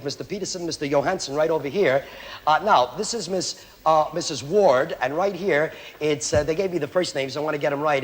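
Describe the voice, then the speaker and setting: A man performing a memory act on a TV magic show, joking with the studio audience as he calls out names one after another. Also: a little high. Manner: brisk, joking, rattles off names. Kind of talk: stage patter to a studio audience.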